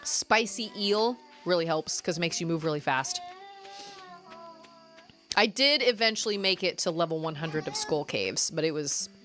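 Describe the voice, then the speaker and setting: A woman in her thirties chatting casually as she streams a video game, chatty and quick to giggle. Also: sits low, expressive, fairly bright tone. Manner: chatty, giggly, talks to chat. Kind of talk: casual gameplay chat. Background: game music.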